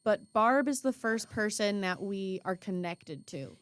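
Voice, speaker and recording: A woman's voice: mid-range voice, measured pace, clean tone, no echo. Eager young woman co-host, dry sound. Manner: eager, laughs easily, many fillers. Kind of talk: casual podcast chat.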